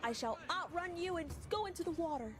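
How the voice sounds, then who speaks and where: A woman's voice: extremely high pitch, expressive, brisk, fairly bright tone, voice pushed up. A woman putting on a theatrical, mock-archaic voice for a small game character, heard in a played-back clip with music under it. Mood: grandiose. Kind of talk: replayed clip of her own playful character voice.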